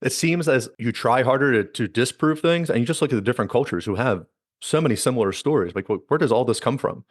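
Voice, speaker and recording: A man hosting a podcast, chatting casually in a fast, rambling way with lots of restarts. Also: medium pitch, lively intonation, no room sound, clean studio sound. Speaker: podcast host. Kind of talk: casual conversational chat.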